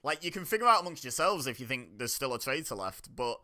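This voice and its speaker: A man's voice: mid-range voice, very animated, quick pace, pushed and bright. A man talking casually as he reacts to a reality show, chatty and exasperated. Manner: chatty, exasperated, laughs often. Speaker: reaction video host.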